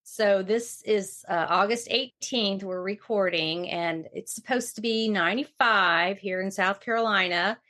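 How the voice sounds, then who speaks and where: A woman's voice: medium pitch, a little slow, hardly any pauses, pushed and bright. A woman hosting a podcast interview, chatty and playful, who laughs easily. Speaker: podcast host. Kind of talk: casual interview chat.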